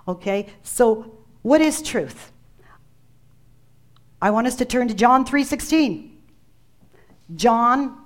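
A woman preacher delivering a sermon, emphatic, repeating key phrases and calling on listeners by name. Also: on the high side.

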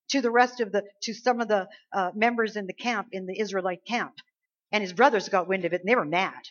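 Woman preacher, mid-pitched, emphatic, exhorting, slightly dull lo-fi sound. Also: a little fast. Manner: emphatic, exhorting, rising and dropping in volume. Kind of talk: sermon.

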